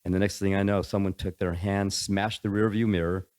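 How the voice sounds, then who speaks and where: An older man, a podcast guest, telling rambling stories in a casual, animated way. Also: sits low, a little fast. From United States. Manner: rambling, animated anecdotes with acted quotes. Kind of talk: casual storytelling.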